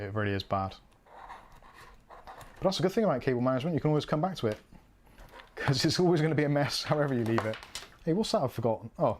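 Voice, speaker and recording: British guy, mid-pitched, self-mocking, live stream, faint background hiss. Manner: chatty, self-mocking, thinking aloud while working. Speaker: PC build streamer. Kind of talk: casual live commentary.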